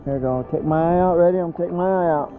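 A man's voice: fairly high pitch, fast, phone-quality sound. A man playing with his son at a swimming pool, talking patiently, encouraging and teasing him. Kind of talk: casual playful chat with a child. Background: music.

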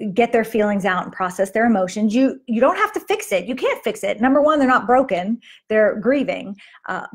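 A middle-aged woman hosting a faith-based moms' talk, chatting conversationally with frequent restarts and fillers. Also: mid-range voice. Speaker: host of a moms' ministry talk. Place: Las Vegas.

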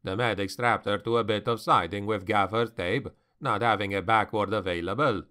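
A man voicing a fatherly male mercenary colonel with a Scottish accent, speaking gently and dryly. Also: fairly low pitch, moderate pace, voice pushed down. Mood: reporting.

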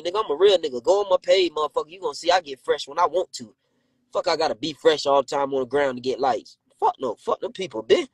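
A man's voice: high voice, husky, no room sound, low-quality recording. A man ranting on a phone live stream, brash and confrontational, firing profane insults at his critics. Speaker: rapper and comedian on a live stream.

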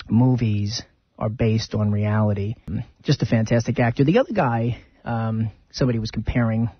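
Male radio host, chatty and rambling, slightly husky, muffled dry sound. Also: lowish voice, no room sound. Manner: rambling, chatty, retells film scenes. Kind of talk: casual radio talk.

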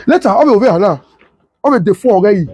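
A young man with a Nigerian Pidgin accent tells a comic tale with lively, animated delivery. His voice sits high and slightly husky. The sound is dry and close. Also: fast talker, dry recording. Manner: animated, laughs often, mimics sirens. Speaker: comedian storyteller.

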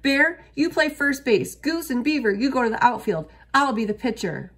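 Bossy little boy turtle, loud and pushy, a bit higher and raspy , a lady reading it out. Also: big pitch swings, unhurried, full character voice.

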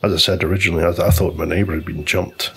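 A man's voice: sits low, fairly even intonation, quick pace, fairly bright tone, breathy edge. A man casually telling a long, rambling story while commenting on a golf video game. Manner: chatty storyteller, loose and informal, many restarts.

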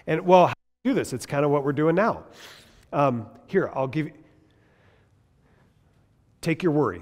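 A man's voice: on the high side, a little mellow. A man teaching a Bible class in an emphatic way, asking many rhetorical questions and often restarting his sentences. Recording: long reverb in a hall.

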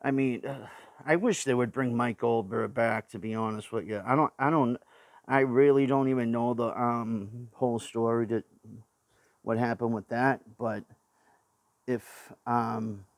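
A man's voice: mid-range voice, steady tone, unhurried, no echo, clean studio sound. A man with a Boston accent hosting his own show, ranting blunt and profane opinions in a rambling way, full of fillers and restarts. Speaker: show host. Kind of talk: casual opinion rant to camera.

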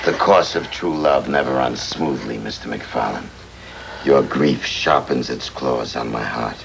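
Sardonic 1940s critic, very deep gravelly voice, lively mocking delivery, noisy old film track. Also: male voice, a little slow, exaggerated voice. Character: sneering, witty male theater critic.

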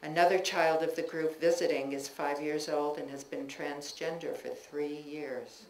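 A woman reading her own personal essays aloud to an audience in a bookstore, measured and reflective, with chatty asides between pieces. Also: low-pitched, fairly even intonation, a little mellow. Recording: echoey room recording with faint ambience.

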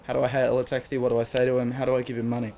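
A man's voice: mid-range voice, completely flat delivery, rapid-fire, vocal fry, warm tone, a little hiss or hum. A man with an Australian accent hosting a casual travel show, cheeky and self-deprecating. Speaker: host.

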